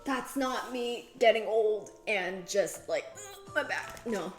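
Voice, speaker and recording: Casual woman streamer, chatty cooking talk, sudden bright exclamations, music bed under her. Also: takes it slowly. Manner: chatty, thinks aloud, reads chat and answers it; bursts into high excited exclamations. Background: background music.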